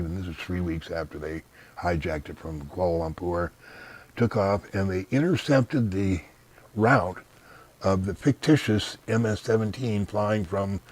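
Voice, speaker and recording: A man's voice: sits low, measured pace, darkish tone. A man being interviewed in casual conversation, blunt and dismissive, giving long rambling explanations. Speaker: interview guest.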